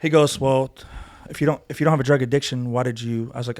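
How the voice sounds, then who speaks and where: This podcast guest, a man with a medium-pitched voice, tells his story at a quick clip. Chatting casually, he gets animated and swears a lot while performing both parties in each argument.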